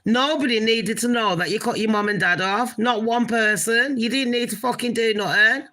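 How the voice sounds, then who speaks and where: A woman's voice: a little high, normal speed, sharp tone, low-quality recording. A woman giving a blunt, swearing, incredulous gossip commentary as a vlogger.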